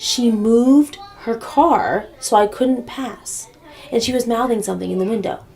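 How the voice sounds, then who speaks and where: A woman's voice: fairly high pitch, a little slow, creaky, warm tone. A woman telling a comedic story to camera in a sassy, blunt, profane way.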